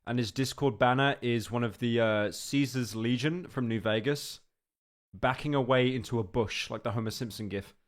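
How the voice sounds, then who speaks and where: A man's voice: medium pitch, moderate pace. Joking man reacting live on stream. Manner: loose, sarcastic and joking.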